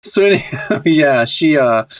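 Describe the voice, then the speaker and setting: Animated male podcast co-host, dry mic. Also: fairly high pitch, dry recording. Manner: lively, quick to laugh, swears at his cat. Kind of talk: casual podcast chat about comics.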